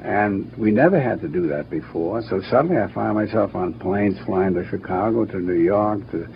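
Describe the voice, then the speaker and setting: An older man with a low, gravelly voice tells stories about his work in a brisk, anecdotal way. He sometimes acts out what people said. The recording is dull with a faint hiss. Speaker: cartoon producer and director. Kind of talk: interview, reminiscing.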